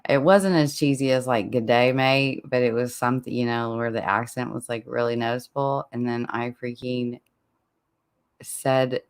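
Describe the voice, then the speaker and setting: A man's voice: mid-range voice, fairly even intonation, normal speed, smooth. A man hosting a true crime podcast, chatting loosely in a listener Q&A, often breaking off mid-sentence and laughing at himself. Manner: rambling, self-interrupting, laughs at himself. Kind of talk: casual Q&A chat with listeners.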